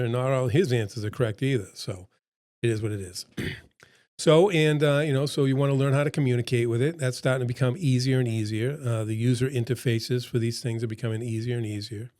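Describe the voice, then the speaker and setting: A man's voice: mid-range voice, brisk, a little mellow. Middle-aged man with a froggy throat. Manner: pep-talk, conversational, repeats points for emphasis. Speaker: seminar presenter. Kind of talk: casual motivational seminar talk.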